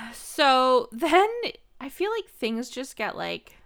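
A woman's voice: high-pitched, big pitch swings, slow pace, creaky, fairly bright tone. A woman co-hosting a podcast, chatting casually about a film and packing her talk with fillers and jokes. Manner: chatty, filler-heavy, jokey. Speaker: podcast co-host.

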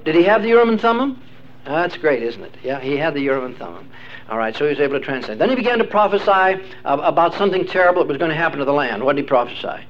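Gravelly older man lecturing a class. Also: fairly high pitch. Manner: quizzes listeners, rambling, many fillers. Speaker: religious teacher. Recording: dull lo-fi recording with faint hiss.

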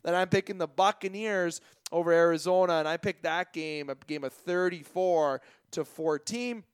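A man's voice: high-pitched, moderate pace, smooth, dry recording. A man hosting a casual sports podcast, joking and self-deprecating as he runs through his picks. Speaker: podcast host.

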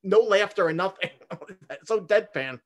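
A man's voice: sits high, animated, a little slow, a little hiss or hum. A man in casual chat about a comedy sketch, hesitant and full of fillers. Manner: hesitant, many fillers and restarts.

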